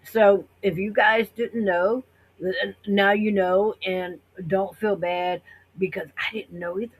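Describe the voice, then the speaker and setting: A woman's voice: mid-range voice, fairly even intonation, slow pace, slightly rough, low-quality recording. A middle-aged woman from the United States talking in a chatty, rambling way to her viewers, acting out other people's reactions. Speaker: vlogger. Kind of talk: casual rambling monologue.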